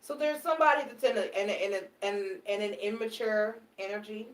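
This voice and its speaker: A woman giving a live tarot reading, animated and repetitive, speaking straight to her audience. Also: medium pitch, brisk, echoey room, recorded from a distance. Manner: animated, repetitive, swears casually, talks to the audience directly. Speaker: tarot reader.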